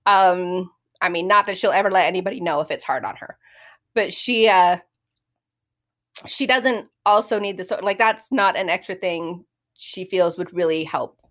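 A woman's voice: on the low side, moderate pace, fairly bright tone. A woman co-hosting a casual book-discussion podcast, talking animatedly and acting out quotes, with frequent fillers. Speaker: podcast co-host. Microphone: remote call mic.

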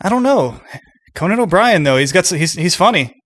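A man's voice: sits high, sing-song, a little fast, a bit bright, dry recording, studio quality. A young man co-hosting a podcast, joking and rambling in casual chat, laughing often. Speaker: podcast co-host.

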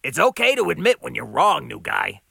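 A man voicing a gruff, gravelly older male diner owner who needles his staff. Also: a little high, wildly swooping pitch, normal speed, bright, forceful tone, dry recording, exaggerated voice. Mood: needling. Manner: needling, bossy. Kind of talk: audiobook character voice.

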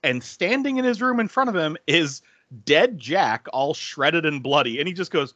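A man's voice: fairly high pitch, expressive, moderate pace, bright, forceful tone, dry recording, muffled recording. A man co-hosting a casual film podcast, enthusiastic and giggly, who swears casually and laughs often. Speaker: podcast co-host.

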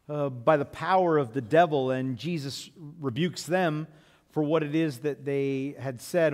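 A man preaching a sermon as pastor, telling stories conversationally with frequent fillers, in a large church sanctuary. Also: a little high. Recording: long reverb of a church hall.

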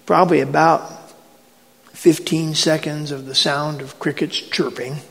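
A male preacher delivers a sermon with a fairly high voice, and he works through probing questions with dramatic flair. His speech comes through with a long, reverberant hall echo. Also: steady tone, measured pace, vocal fry, a bit bright.

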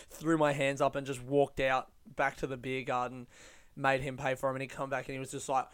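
Sardonic, swearing comedian. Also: male voice, medium pitch, flat delivery, a little fast, fairly bright tone, clean tone. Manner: profane, sardonic, mocking. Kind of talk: casual comic storytelling.

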